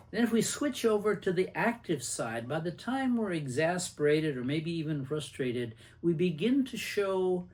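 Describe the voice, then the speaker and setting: Older man teaching in a conversational way. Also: on the high side. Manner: conversational, with anecdotes and acted-out quotes. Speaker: host and anger management teacher. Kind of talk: casual teaching talk to camera.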